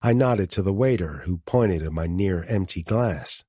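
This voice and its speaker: A man narrating a first-person audiobook in an even, measured way. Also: low-pitched, no echo, clean studio sound.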